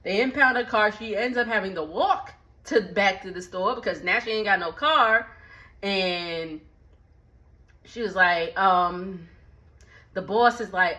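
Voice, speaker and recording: A woman recapping a movie in a casual, slangy, animated way, with lots of asides. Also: mid-range voice, measured pace, dull audio.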